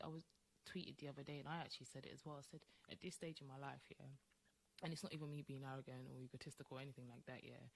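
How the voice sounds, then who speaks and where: A woman co-hosting a podcast in casual chat, talking emphatically and acting out quoted voices. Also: deep voice. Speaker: podcast co-host.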